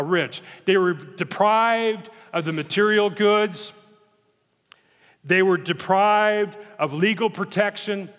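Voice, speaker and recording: A man preaching a sermon as pastor, emphatic and dramatic, slowing down to stress repeated phrases. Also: high-pitched, a bit bright. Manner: emphatic, dramatic retelling with slow stressed repetitions. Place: church sanctuary. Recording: long reverb of a church hall.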